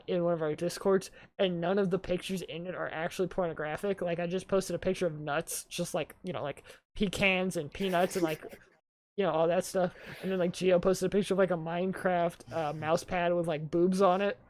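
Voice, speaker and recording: A man's voice: high-pitched, fairly even intonation, a little fast, darkish tone. A man hosts a casual podcast and tells stories in a loose, rambling way. He leans hard on "like" and strings his sentences together as he goes. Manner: rambling storyteller, heavy use of "like". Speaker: podcast host.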